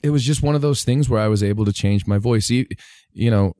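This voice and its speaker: A man's voice: mid-range voice, quick pace, warm tone, no echo, studio quality. A man, a stand-up comedian, chatting casually as a podcast guest and explaining how he does voices. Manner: explains voice tricks by demonstrating them. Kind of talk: casual chat.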